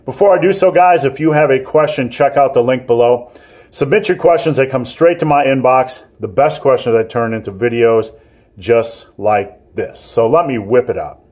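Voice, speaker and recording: A man's voice: mid-range voice, a little mellow. A man hosting a fitness vlog, giving gym advice in a joking, rambling, self-mocking way. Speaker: fitness channel host.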